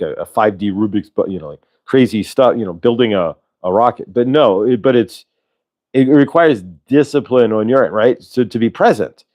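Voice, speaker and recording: A man's voice: medium pitch, darkish tone. A man hosting a casual livestream, rambling and tagging on "right?" as he talks. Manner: rambling, keeps adding "right?". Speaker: livestream host.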